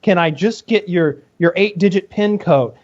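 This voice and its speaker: A man's voice: sits high, normal speed, a little mellow, lo-fi sound, lightly acted. A man mimicking a chirpy scripted phone agent. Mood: chipper. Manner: chipper and formulaic. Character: overly polite scripted male phone support agent.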